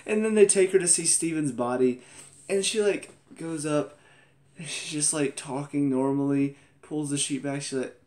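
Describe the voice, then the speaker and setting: A young man talking casually in a TV episode review vlog. He is animated, laughs often and exclaims in disbelief. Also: on the high side, moderate pace.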